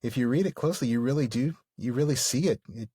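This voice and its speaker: A man's voice: mid-range voice, quick pace, mellow, husky, no room sound, studio quality. A man co-hosting a podcast, explaining literature casually and enthusiastically, with plenty of fillers. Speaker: podcast co-host.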